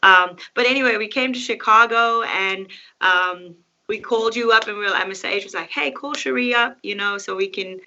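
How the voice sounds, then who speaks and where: A woman's voice: mid-range voice, steady tone, moderate pace, few pauses, pushed and bright. A woman singer, a podcast guest, talking in casual chat in an earnest, grateful and reflective way. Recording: slightly muffled lo-fi sound.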